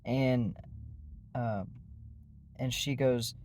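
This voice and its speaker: A man's voice: medium pitch, fairly even intonation, drawn-out words, darkish tone, slight background noise. A man telling a personal story in a casual, rambling way, with many fillers and restarts. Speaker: vlogger.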